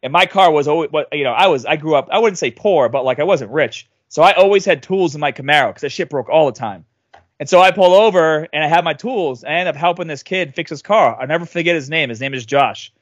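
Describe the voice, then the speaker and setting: Animated man in his thirties telling stories. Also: a little high, quick pace, no echo, highs cut off. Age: 30s. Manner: animated, acts out quoted voices loudly. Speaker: podcast guest. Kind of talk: casual storytelling.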